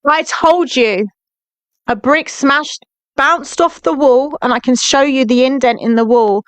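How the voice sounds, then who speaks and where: Indignant woman livestreaming, crisp and dry. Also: high-pitched, unhurried, no room sound. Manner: indignant, repeats pointed questions to viewers by name. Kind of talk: angry live-stream rant.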